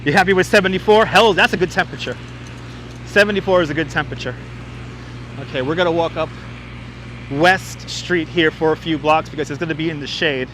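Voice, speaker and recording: A chatty man hosting a walking livestream on a city street, with a high, bright voice. He jokes along as he reads comments aloud. A clip-on mic catches him, with faint traffic noise behind. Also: fairly quick, long pauses. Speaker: livestream host. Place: outdoors on a city waterfront street. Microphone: wireless clip-on mic.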